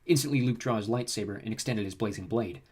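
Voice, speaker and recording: A man narrating a sci-fi audiobook in a brisk storytelling manner. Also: on the low side, a little mellow, husky. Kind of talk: scripted narration.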